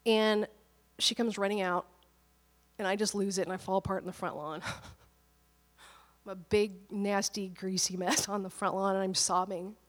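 A woman pastor in her thirties, slightly hoarse from a cold, telling a personal story in an animated, candid sermon. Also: medium pitch, measured pace, long pauses, long reverb tail.

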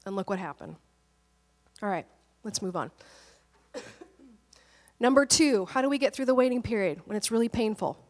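A woman's voice: medium pitch, expressive, normal speed, pauses often, a little mellow, big-room sound. A woman pastor preaching in a conversational, storytelling way, often laughing as she talks. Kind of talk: conversational sermon.

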